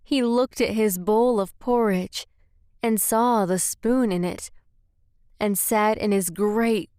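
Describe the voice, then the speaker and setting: Spanish-speaking woman reading a kids story real slow, dry close sound. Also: mid-range voice, steady tone, a little mellow, clean tone, no room sound. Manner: slow, careful reading aloud.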